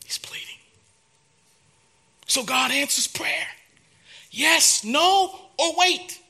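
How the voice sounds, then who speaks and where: A male pastor preaching a sermon, dramatic, dropping to a hush and then rising loud, in a church. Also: very high-pitched, slow, creaky.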